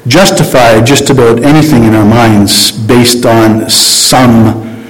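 A man's voice: medium pitch, slow, big-room sound, soft background music, poor audio. A man giving an informal Bible teaching, talking conversationally with frequent restarts and self-corrections.

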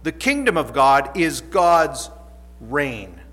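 A man with a fairly high, bright voice preaches a sermon. He reads scripture and then explains it in an earnest way, repeating phrases and sometimes restarting. A long reverb from the church room hangs on every line. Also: sing-song, takes it slowly.

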